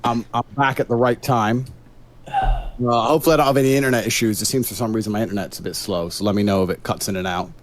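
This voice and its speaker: A man's voice: medium pitch, fast. A man from the United Kingdom speaking on an online debate panel, formal and lecturing in manner. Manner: formal, lecturing, self-assured. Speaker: debate guest.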